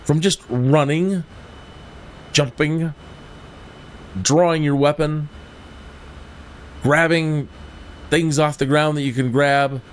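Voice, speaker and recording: A man's voice: on the high side, steady tone, takes it slowly, pauses often. Chatty man streaming, faint hum behind. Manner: rambling, chatty, addresses viewers directly. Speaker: flight sim streamer. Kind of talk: casual livestream chat.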